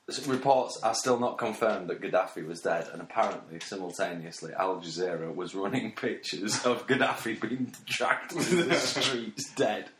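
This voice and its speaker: A man, trading dry, sarcastic jokes in casual banter as a podcast co-host. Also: low voice. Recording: echoey room with faint noise.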